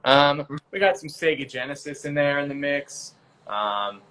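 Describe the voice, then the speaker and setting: A man's voice: on the high side, unhurried, bright, forceful tone, slight background noise, low-quality recording. Chatty man hosting a live stream. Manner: chatty, jokey, reads out viewer questions. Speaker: host of a live-stream interview. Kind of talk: casual video-call chat. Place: home, during lockdown.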